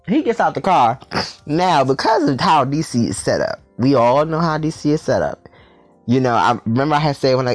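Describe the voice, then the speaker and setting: Brief: young male storyteller, a bit high, very expressive, sassy and profane, faint music behind. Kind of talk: casual storytime vlog.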